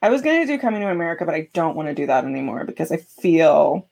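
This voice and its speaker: Casting: female comedian, husky voice with lively swoops, playful teasing chat. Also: low-pitched, fast. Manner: playful, teasing, laughs a lot. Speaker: comedian, guest host.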